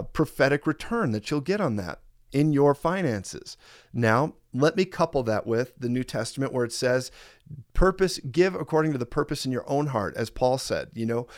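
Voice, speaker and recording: A man's voice: medium pitch, no echo. Earnest preaching man, dry sound. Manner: earnest, emphatic, repeats key phrases. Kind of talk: teaching sermon.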